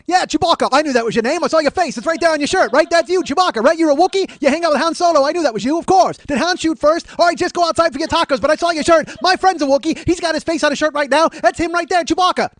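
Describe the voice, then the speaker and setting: A man doing a loud, pushy Australian guy. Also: very high voice, rapid-fire, few pauses, no echo, pitched above the performer's own voice. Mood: excited. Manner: loud, pushy, repeats himself. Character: brash, chatty Australian man, overly familiar.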